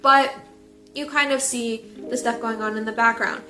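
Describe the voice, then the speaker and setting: A woman chatting casually as she reviews a book, animated and full of filler words. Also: fairly high pitch, moderate pace, music in the background. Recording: echoey room.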